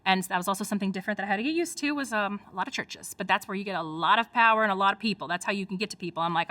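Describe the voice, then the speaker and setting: A middle-aged woman with a Michigan accent, an activist telling her story in a casual interview, animated and full of fillers. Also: mid-range voice, racing, hardly any pauses, dry recording. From United States. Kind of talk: casual spoken recollection.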